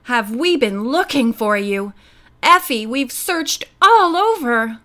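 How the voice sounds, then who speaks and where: An earnest teenage girl detective, read by a woman, high-voiced and urgent. She speaks unhurriedly despite the worry, in a storybook reading. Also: animated, slow, sharp tone, full character voice. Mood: eager.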